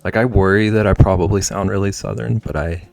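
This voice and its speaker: Deep gravelly-voiced man chatting on stream. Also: fairly even intonation, fairly quick, darkish tone. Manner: rambling, chatty, trails off into mumbles. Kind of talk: casual livestream chat while drawing. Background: faint background music.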